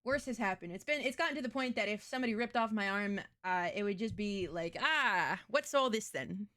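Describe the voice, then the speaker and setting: A woman's voice: medium pitch, fast, a bit bright. Crude, blunt young woman streamer. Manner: crude, blunt, self-mocking. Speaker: VTuber streamer. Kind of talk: casual live-stream chat.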